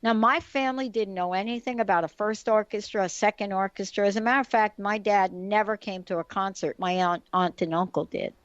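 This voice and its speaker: A woman, hosting a radio talk show and telling a story in a chatty, animated way full of asides. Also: medium pitch, a little fast, hardly any pauses, no room sound. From the Bronx, New York. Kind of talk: casual radio chat, storytelling. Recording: dull lo-fi radio recording.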